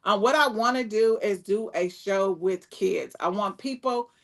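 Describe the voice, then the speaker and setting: A woman hosting a live talk show in casual chat, addressing viewers directly and chatting in a lively way. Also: mid-range voice, a little slow. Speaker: show host.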